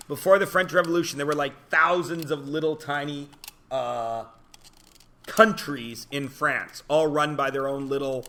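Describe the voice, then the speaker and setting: Male classroom teacher, casual joking lecture, bright slightly high voice, quizzes students. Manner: chatty, joking, asks the class questions.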